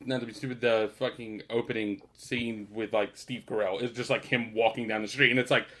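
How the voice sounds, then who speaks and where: A man's voice: fairly low pitch, flat delivery, a little fast, a bit bright. A young man co-hosting a podcast, retelling film scenes in casual chat, laughing and swearing as he goes. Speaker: podcast co-host.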